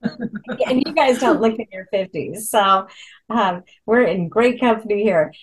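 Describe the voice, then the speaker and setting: A woman's voice: mid-range voice, expressive, unhurried, breathy edge, rough recording. A woman talking casually, telling stories with lots of ums and restarts. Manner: chatty storyteller, many ums and restarts. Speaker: product presenter. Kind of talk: casual chat. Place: Hawaii.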